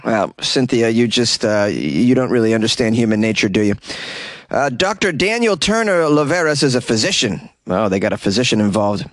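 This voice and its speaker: A man's voice: medium pitch, expressive, normal speed, no room sound. A man hosting a comedy news podcast, reading stories and breaking in with sarcastic, mock-outraged jokes and frequent laughs. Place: small closet.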